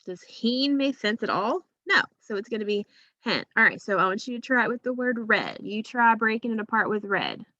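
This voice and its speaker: A woman's voice: mid-range voice, very animated, brisk, pushed and bright, no echo, lo-fi sound. A woman teacher giving a phonics lesson to young children, patient and drawing out each sound.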